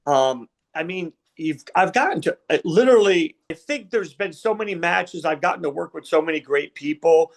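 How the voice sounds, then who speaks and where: A man's voice: a little high, lively intonation, moderate pace, gravelly, hardly any pauses. A middle-aged man, a wrestling referee, telling stories in a casual interview, rambling with many fillers and retold conversations. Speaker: wrestling referee, podcast guest.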